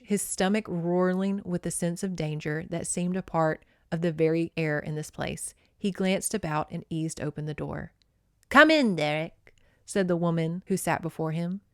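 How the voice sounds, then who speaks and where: Woman podcast host, excitable, profane, chatty, book recap with read-aloud passages, dry close sound. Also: on the low side, dry recording.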